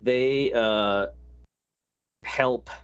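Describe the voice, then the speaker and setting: A man's voice: mid-range voice, steady tone, drawn-out words, clear, resonant tone, dull audio. A man hosting a casual podcast chat, explaining a topic at length with many fillers and crude asides. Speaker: podcast host.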